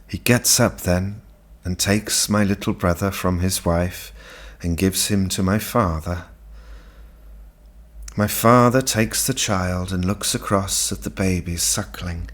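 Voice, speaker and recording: A man narrating a literary audiobook in a measured, unhurried way. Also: sits low, steady tone.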